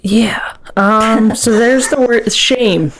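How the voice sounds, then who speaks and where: Female co-host, measured and playful, casual interviewer. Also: on the high side, a little hiss or hum. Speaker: podcast co-host.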